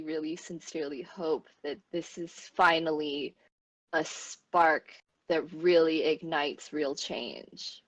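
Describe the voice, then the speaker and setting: A woman's voice: sits low, dry recording, highs cut off. Emotional, earnest American woman streamer. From United States. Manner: emotional, heartfelt, rambling. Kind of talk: earnest casual discussion.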